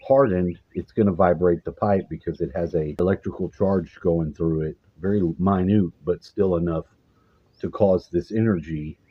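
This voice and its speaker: A man's voice: sits low, steady tone, normal speed, slightly rough. A man vlogging in a casual, meandering monologue who swears freely and loses his train of thought. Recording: slightly dull lo-fi recording with faint hiss.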